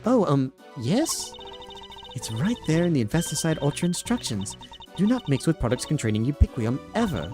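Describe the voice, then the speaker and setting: A man's voice: on the high side, very animated, moderate pace, music in the background, pitched above the performer's own voice. A man voicing a prim, fussy elderly British woman in a game, slipping between a British and a Southern accent. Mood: chatty. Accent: put-on British, slipping toward American Southern. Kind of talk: voicing game dialogue on a stream.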